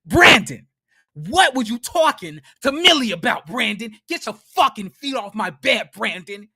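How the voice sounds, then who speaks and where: A woman's voice: on the high side, big pitch swings, unhurried, sharp tone, breathy edge, no room sound, studio quality, heavily acted. A commentator acting out a furious young woman interrogating her boyfriend, accusing him and repeating his name. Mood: angry.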